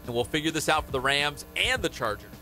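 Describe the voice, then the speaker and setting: A young man hosts a sports radio show over a studio mic. His voice is bright and lively, swinging up and down as he hedges and jokes through casual chat, with faint music underneath. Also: on the high side, quick pace. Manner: animated, joking, hedging with fillers. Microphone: studio microphone.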